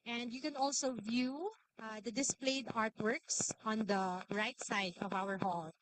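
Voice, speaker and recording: A woman's voice: fairly high pitch, fairly even intonation, a little slow, slight background noise. A woman hosting an event in a hall, giving announcements with some hesitation. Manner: hesitant, with fillers and repeats. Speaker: event host.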